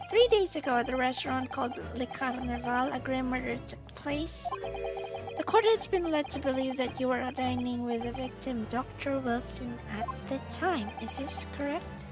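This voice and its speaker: A woman doing a pompous old court judge. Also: high voice. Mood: formal. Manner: formal, courtly and fussy.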